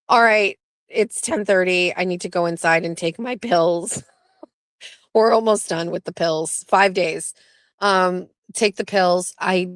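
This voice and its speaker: A woman's voice: fairly low pitch, no echo, studio quality. A woman hosting her own livestream show, chatting in a rambling, blunt and profane way as she jumps between topics. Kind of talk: rambling casual livestream chat.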